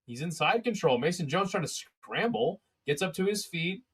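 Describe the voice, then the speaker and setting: A man's voice: a little high, animated, moderate pace, breathy edge, no room sound, clean studio sound. A young man hosting a casual live fight companion stream, chatting with viewers between calls of the action and swearing freely. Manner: chatty, swears, reads chat aloud.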